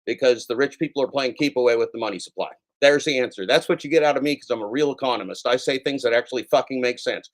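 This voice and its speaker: A man hosting a daily show in a casual, profane rant, swinging between yelling and soft apologies. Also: mid-range voice, fast talker, hardly any pauses.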